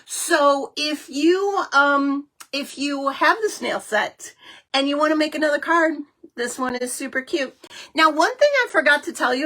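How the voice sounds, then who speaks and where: A chatty, excitable middle-aged woman hosting a live card-making stream, with lots of fillers. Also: sits high. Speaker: host of a live crafting show.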